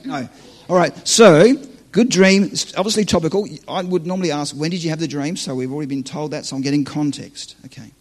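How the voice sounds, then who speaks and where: A man's voice: a little high, brisk. A man preaching live to a church audience, teaching on dreams in a joking, conversational, self-deprecating way.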